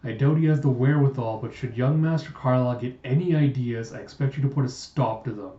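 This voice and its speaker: A man's voice: mid-range voice, fast, mellow, roomy sound, lo-fi sound, natural voice. A man voicing a sinister, condescending older male doctor in a comic readthrough. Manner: fussy, condescending.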